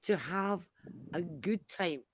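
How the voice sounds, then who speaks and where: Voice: mid-range voice, takes it slowly, dry recording. A podcast guest who talks in an easygoing, chatty way. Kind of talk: casual podcast chat.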